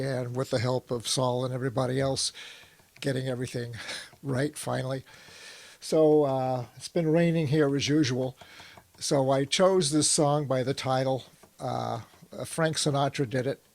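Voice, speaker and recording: A man's voice: mid-range voice, vocal fry, darkish tone, dry recording. A man on a video call from home chatting about his audio setup with lots of fillers, then singing along to his guitar. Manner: rambling, with many fillers. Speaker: song circle performer. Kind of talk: casual chat and singing with guitar. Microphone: computer mic on a video call.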